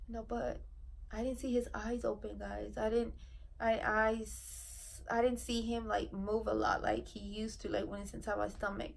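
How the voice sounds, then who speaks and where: Woman, 30s, tearful, soft-spoken, halting, gravelly fry. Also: a little high, little pitch movement. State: emotional, near tears. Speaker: family vlogger. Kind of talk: emotional personal story vlog.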